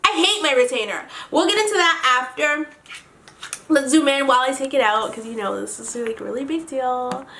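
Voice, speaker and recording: A young woman from Canada, chatty and excitable, telling a story on her vlog. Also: sits high, normal speed, a little hiss or hum. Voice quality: slight lisp from a retainer. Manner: chatty, excitable, heavy use of "like". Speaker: beauty vlogger.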